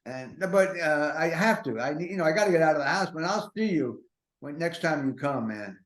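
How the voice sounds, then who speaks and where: An older man with a slightly high voice spins rambling, self-deprecating comic stories, doubling back on himself in anxious asides. The room around him rings with a noticeable echo, as if recorded in a bare space. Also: expressive. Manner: self-mocking, neurotic, rapid-fire asides. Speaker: podcast host. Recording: roomy echo.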